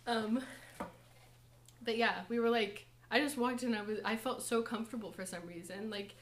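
In a medium-pitched voice, a young adult woman gives her testimony and a brief lesson to a church college group. She talks quietly and haltingly, with lots of fillers and nervous laughter.

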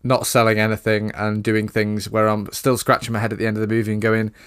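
A man's voice: fairly low pitch, monotone, fast talker, clean tone, dry recording, studio quality. A man co-hosting a casual film review chat, sarcastic and swearing casually. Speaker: podcast co-host.

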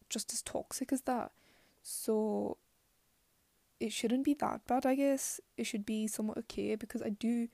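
A young woman from London rambles through a solo podcast in a put-on Scottish accent. Her voice sits a little high, carries a gravelly fry, and has a mellow tone. She chats on and on, and often drops into soft, half-whispered asides. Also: no room sound. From London, England. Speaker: podcast host.

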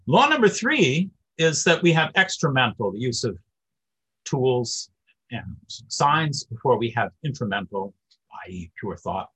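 A male lecturer talks through his material in a rambling, discursive way, full of fillers and asides. His voice is very husky and rough, and his pitch rises and falls a lot. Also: sing-song, measured pace, sharp tone, rough recording. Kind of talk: academic lecture.

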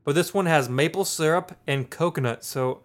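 A man's voice: fairly high pitch, normal speed. A man co-hosting a casual beer podcast, jokey and playful in his chat. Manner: jokey, playful, reads labels aloud. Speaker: podcast co-host.

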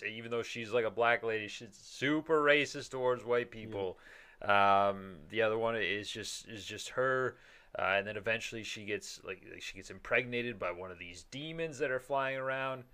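A man in casual conversation with a bright, forceful voice that sits a little low. He rambles, restarts his sentences often and swears now and then. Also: clear, resonant tone. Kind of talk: casual chat.

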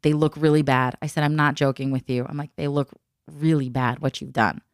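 A woman with a notably low voice chats and tells stories with plenty of laughter, acting out everyone she quotes. Her sound is dry and close, with no room around it. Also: steady tone, a little fast, dry recording. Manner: chatty storyteller, laughs often, acts out quotes. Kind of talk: casual chat.

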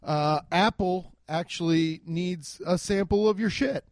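A man doing a casual comedic rant, profane and excitable, acting out the voices of people he quotes, on a handheld mic. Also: high-pitched, measured pace, no echo. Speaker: stand-up comedian. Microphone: handheld microphone.

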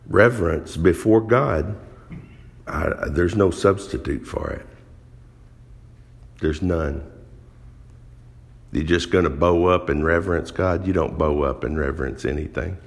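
Slow, gravelly-voiced man preaching a sermon. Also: sits low, in a large hall.

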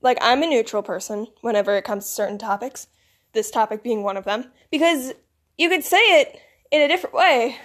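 A woman with a Michigan accent rambles through a casual vlog monologue in a somewhat high voice. She sounds groggy, as if she woke up not long ago. Her talk is loose and full of "like" and "you know". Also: brisk, fairly bright tone. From United States. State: groggy, recently woken. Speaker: vlogger.

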